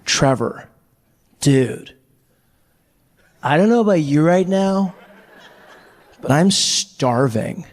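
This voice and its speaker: A man's voice: a little high, animated. A man playing a laid-back young American guy who drawls his words in casual slang. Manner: drawn-out, disbelieving, casual slang.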